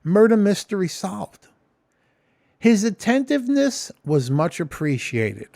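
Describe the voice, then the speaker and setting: A man chats loosely to his camera, rambling and swearing freely. His voice sits high and swings widely in pitch. The sound is dry and close, with no room echo. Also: sing-song, measured pace, vocal fry, darkish tone. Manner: rambling, profane, chatty. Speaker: vlogger. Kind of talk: casual vlog talk. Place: home kitchen.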